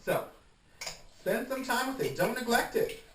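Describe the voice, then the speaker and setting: A man's voice: very high voice, expressive, a little slow, fairly bright tone, slight background noise. A man hosting a home vlog, demonstrating and explaining in a chatty, coaxing manner and calling viewers darling. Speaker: host demonstrating incense making. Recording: roomy sound, mic at a distance.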